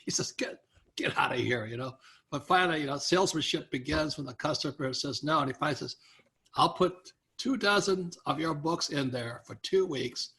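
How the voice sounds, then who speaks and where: An older man, a guest author, telling animated anecdotes in an interview, acting out quoted voices. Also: on the high side, normal speed. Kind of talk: storytelling interview.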